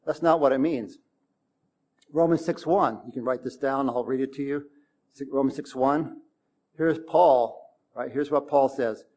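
A male pastor giving a sermon in a relaxed, talky way. His voice sits in a middle register. He reads verses aloud and leans hard on the emphatic lines. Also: mid-range voice, unhurried. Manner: conversational preaching with emphatic bursts.

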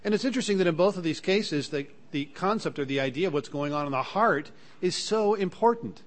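A man's voice: expressive, fairly quick. A man preaching a sermon, plain and earnest, lifting his voice when he reads scripture aloud and slipping into fillers between points. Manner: earnest, rises in pitch and volume when reading scripture aloud; plain teaching tone with occasional fillers and restarts.

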